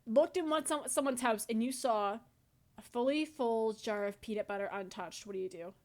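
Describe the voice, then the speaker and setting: A young woman co-hosting a podcast in casual chat, firing back quick wisecracks and swearing casually. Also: fairly high pitch. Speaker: podcast co-host.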